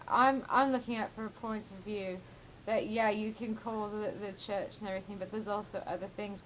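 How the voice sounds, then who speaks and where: A woman's voice: a little high, slight background noise, rough recording. A woman vlogging in a rambling, profane, giggly way, jittery from too much coffee. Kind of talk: casual rambling chat.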